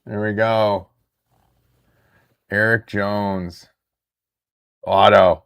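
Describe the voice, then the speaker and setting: A man in his thirties hosting a live card break stream, chatting excitedly with viewers in the chat. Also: on the low side, very slow, gravelly, clear, resonant tone.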